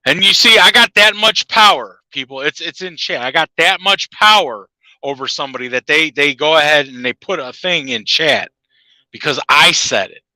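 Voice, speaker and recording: A man's voice: on the high side, normal speed, pushed and bright, dry recording, poor audio. A man ranting in a heated, profane monologue to his viewers, laughing at his own jabs. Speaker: channel host.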